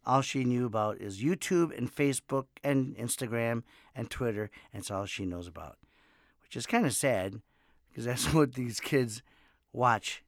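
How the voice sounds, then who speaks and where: A middle-aged comedian hosts his own podcast, chatting loosely and chuckling between stories. His voice sits at an average pitch, and the recording is dry and close with no room sound. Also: measured pace, no echo. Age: 50s. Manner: rambling, laughing storyteller. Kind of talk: casual monologue. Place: home in Los Angeles.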